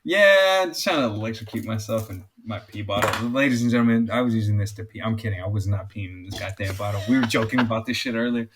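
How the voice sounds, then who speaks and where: A man co-hosting a podcast in casual chat, excitable and swearing freely, often getting loud. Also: lowish voice, fast, hardly any pauses, background noise. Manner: excitable, swears a lot, gets loud and animated. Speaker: podcast co-host.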